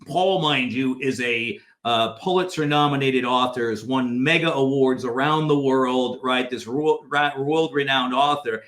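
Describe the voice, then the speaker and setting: A man's voice: medium pitch, measured pace, hardly any pauses, fairly bright tone, roomy sound. A man, a guest author, telling stories animatedly in a podcast interview and acting out quoted dialogue in changing voices.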